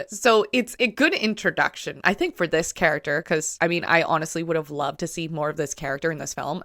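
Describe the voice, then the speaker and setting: Woman musing over a film, low-pitched. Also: a bit bright, no room sound, studio quality. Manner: musing, analytical, loose with fillers. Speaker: channel host. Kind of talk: casual film commentary.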